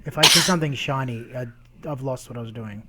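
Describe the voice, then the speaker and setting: A man's voice: medium pitch, fast talker, heavy background noise. A man from Australia with an Australian accent, hosting a casual chat in a rambling, self-deprecating way. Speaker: host.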